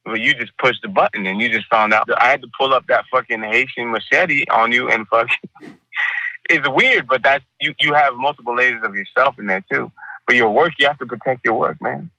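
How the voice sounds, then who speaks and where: Bright-voiced, animated male artist. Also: medium pitch, fairly quick, creaky, dry recording, low-quality recording. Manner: animated, profane, acts out quoted voices. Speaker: artist guest. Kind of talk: casual conversational interview.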